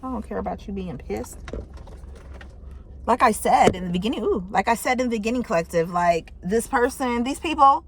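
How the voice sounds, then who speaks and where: A woman's voice: on the high side, animated, fairly quick, breathy edge. A woman giving a casual tarot reading, talking bluntly and swearing freely for emphasis. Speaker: tarot reader.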